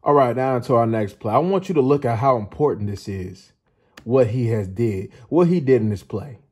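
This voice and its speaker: A man hosting his own channel, giving an excited football film breakdown, laughing often and repeating his points for emphasis. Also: medium pitch, moderate pace, long pauses, breathy edge. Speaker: sports channel host.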